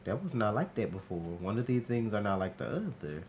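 Man, gaming streamer, lowish voice, lively swooping pitch, casual cursing commentary, excitable. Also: a little fast, a little hiss or hum. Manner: excitable, profane, talks to himself and the game.

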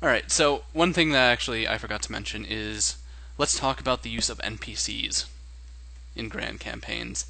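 Man, game master, casual podcast chat, bright voice, dry sound, rambling. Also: mid-range voice, moderate pace, creaky, no echo, poor audio. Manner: rambling, thinks aloud.

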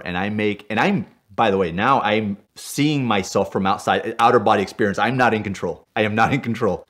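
A man from Puerto Rico tells a car story with a somewhat low voice. He is animated and excitable, and he keeps checking in with "right?" as he builds the tension. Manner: excitable, tags lines with "right?", gets worked up as he tells it. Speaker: stunt driver telling car stories.

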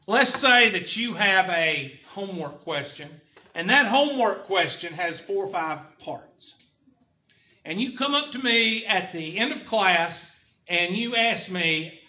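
A middle-aged man with a Southern American accent lectures a college class in a blunt, folksy way, often tossing questions to the students. His voice sits high and sounds bright and forceful. The recording is lo-fi and echoes around the classroom. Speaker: college instructor.

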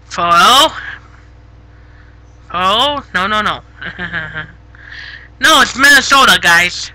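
A woman streaming live on a headset, chatting casually with viewers, giggly and easily flustered, gently scolding chat when it gets rude. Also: medium pitch, lively intonation, drawn-out words, rough recording. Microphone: gaming headset.

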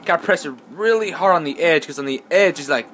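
A man's voice: a little high, fast, fairly bright tone, slight background noise. Rambling man muttering over a game. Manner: rambling and self-mocking, muttering to himself; mumbles repeated words under his breath. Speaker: gamer. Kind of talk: let's play game commentary.

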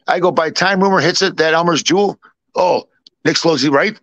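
A man's voice: on the high side, brisk, fairly bright tone, dry recording, highs cut off. A middle-aged man telling a rambling family story in casual chat, acting out the voices of the people in it. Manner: rambling, repeats himself, acts out both sides of dialogue. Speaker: podcast co-host.

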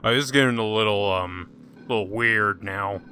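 A man's voice: lowish voice, brisk, sharp tone, soft background music. A man hosting a casual gaming let's-play, joking sarcastically and talking back to the game's characters. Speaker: gaming channel host.

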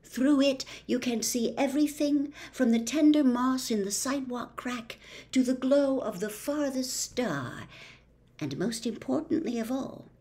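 A woman voicing a gentle, kind boy who speaks softly in a storybook reading. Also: sits low. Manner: soft, gentle.

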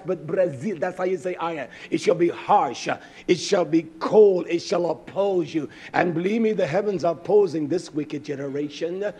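Husky fiery preacher man. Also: high voice. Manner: fiery, scolding, swings from loud to quiet. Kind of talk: sermon.

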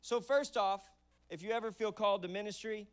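A young man preaching from a church stage with a high, lively voice. He keeps it conversational and animated, slipping into quick bits of acted-out dialogue. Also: clean tone. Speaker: pastor. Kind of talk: sermon. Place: church auditorium.

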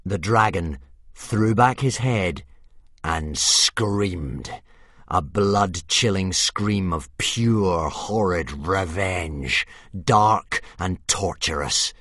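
A man narrating an audiobook with vivid, dramatic storytelling that drops to a hush in tense moments. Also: deep voice, extremely slow, no echo, clean studio sound.

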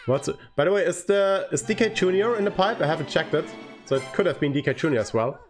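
Excitable man streaming a game. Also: on the high side, fast talker, faint music behind. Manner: excitable, swings from groaning to cheering. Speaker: livestreamer. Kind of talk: live gameplay commentary.

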